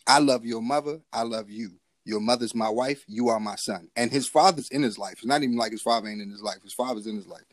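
Fast-talking man telling a story. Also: mid-range voice, no room sound. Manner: profane, animated, acts out quotes in the story. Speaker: podcast co-host. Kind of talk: casual storytelling chat.

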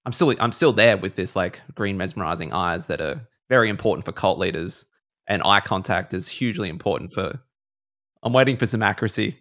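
Deep gravelly guy on a podcast, doubtful, pokes holes in the story. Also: fairly quick, a bit bright. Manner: skeptical, questioning. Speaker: podcast co-host. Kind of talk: casual chat.

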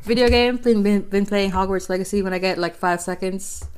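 Relaxed woman chatting with a slight hesitance. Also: medium pitch, a little fast, slight background noise. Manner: relaxed, a bit hesitant, laughs often. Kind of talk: casual chat.

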